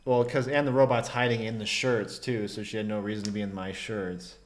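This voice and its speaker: A man co-hosting a reaction video, cracking deadpan crude quips. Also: fairly low pitch, brisk. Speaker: co-host.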